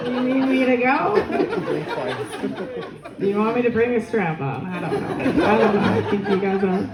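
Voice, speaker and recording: A young woman working through a crude, self-mocking stand-up set with a rambling, loose delivery. Her voice is mellow and dark-toned, and it bounces around an echoey club room over a faint hiss. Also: medium pitch. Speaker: stand-up comedian. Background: audience laughter.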